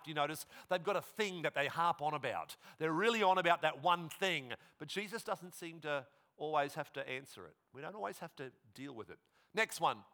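A man preaching a sermon, reading a Bible passage aloud and breaking off for casual asides to the congregation. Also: a little high. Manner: reads scripture aloud with lively asides. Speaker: pastor.

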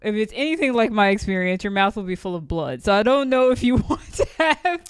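A woman's voice: medium pitch, very animated, fairly quick, clear, resonant tone, dry recording. A woman co-hosting a podcast in casual chat, teasing her friends in a dry way. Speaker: podcast co-host.

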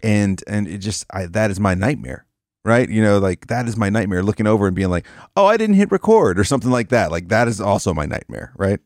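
Low-voiced male co-host, dry close mic, profane and animated storyteller. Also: a little fast, no room sound. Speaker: podcast co-host, former radio host. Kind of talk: casual chat.

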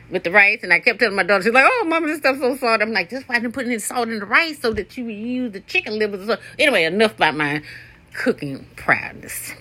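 A woman in her sixties hosting a podcast as a casual, rambling solo monologue, blunt and profane, jumping between topics and leaping up in pitch to stress a point. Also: pushed and bright. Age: 60s. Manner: sudden jumps up in pitch for emphasis. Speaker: podcast host.

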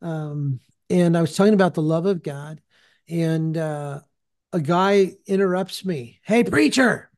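Male preacher-host with a fairly high voice, telling a story and acting out the people in it. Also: unhurried. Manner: animated storyteller who acts out the people he quotes. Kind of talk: storytelling in conversation.

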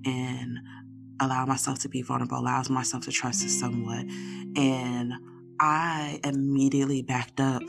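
A woman with a low, gravelly voice co-hosts a podcast in casual chat. She talks candidly and animatedly. Guitar music plays clearly behind her. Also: little pitch movement, moderate pace. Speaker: podcast co-host.

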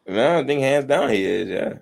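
A man's voice: medium pitch, lively intonation, normal speed, creaky. A man co-hosting a casual wrestling podcast, talking bluntly with slang and profanity. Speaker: podcast co-host.

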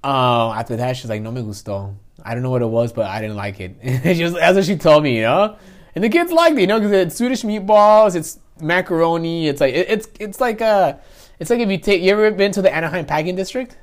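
Casting: man from LA, slightly high voice, swears freely, easygoing banter. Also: lively intonation, a little fast. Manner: profane, laid-back, laughs often. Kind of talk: casual chat.

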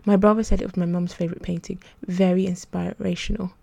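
A woman's voice: on the low side, fast, gravelly, no echo. A woman voicing an eager, chatty young boy who talks insistently and stumbles over his words. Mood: excited. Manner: excited, insistent, stammering restarts.

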